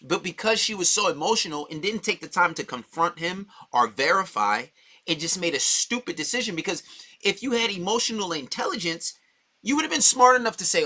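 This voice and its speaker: A man in a dating-coach role delivers a heated, profane monologue. His voice sits a little high, and his tone is bright and forceful. He talks bluntly, with no softening. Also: animated, a little fast. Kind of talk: opinionated monologue.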